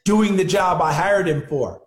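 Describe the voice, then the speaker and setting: A man's voice: high voice, measured pace. Emphatic man on an echoey line. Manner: storytelling, emphatic. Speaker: football analyst guest. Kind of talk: sports radio interview.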